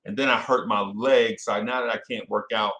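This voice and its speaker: A man hosting a casual fan podcast, animated and self-correcting, calling out listeners by name. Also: on the low side, normal speed. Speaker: podcast host. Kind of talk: casual live-stream chat with fans.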